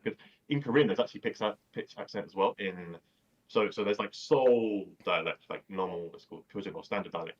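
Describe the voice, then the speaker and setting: A man with a fairly low voice rambles through a casual chat, filling every sentence with "like" and tossing in the odd swear word. He comes through a video call, so the sound is dull and lo-fi. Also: fairly quick. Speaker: podcast guest.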